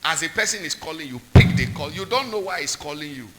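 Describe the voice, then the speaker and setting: Emphatic preacher man, lively pitch. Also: quick pace, rough recording. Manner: call-and-response questions, emphatic repetition. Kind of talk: sermon.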